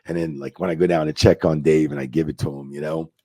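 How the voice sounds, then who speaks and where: A man who is a former wrestling referee, telling profane, animated backstage stories in a casual interview and acting out the quotes. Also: extremely low pitch, fast, breathy edge, no room sound. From New Jersey.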